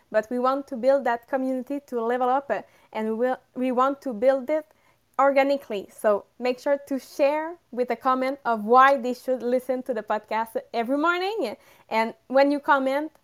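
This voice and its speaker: A cheerful woman with a French accent co-hosts a live podcast, giggling as she walks listeners through tips. Her voice is high and smooth, with clear, resonant tone. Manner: cheerful, giggly, reads points off a list. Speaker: podcast co-host. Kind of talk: casual live podcast talk.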